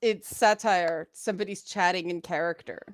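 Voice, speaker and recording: Animated woman co-hosting a chat. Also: on the low side, normal speed, dry recording. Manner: animated, acts out voice examples. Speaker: co-host. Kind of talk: casual livestream chat.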